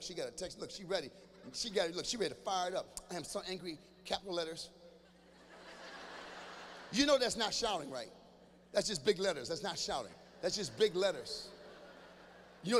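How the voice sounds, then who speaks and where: Middle-aged guy doing stand-up, high voice, riffing right at the crowd, echoey hall sound. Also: slight background noise. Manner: animated, addresses the audience directly, breaks into shouts. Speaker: stand-up comedian. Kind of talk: stand-up comedy. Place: large church venue, live show. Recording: echoey hall with faint ambience.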